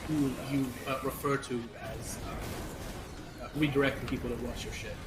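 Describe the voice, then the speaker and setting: A man's voice: mid-range voice, steady tone, normal speed, noisy background. A man on a game stream reading out donations and joking crudely with his friends. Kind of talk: casual gameplay chat. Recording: roomy echo.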